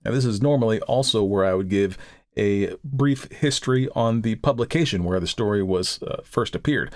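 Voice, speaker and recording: A man from the United States hosting a podcast, chatting casually and then reading a classic story in a measured voice. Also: fairly low pitch, a little mellow, no room sound, clean studio sound. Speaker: podcast host and narrator.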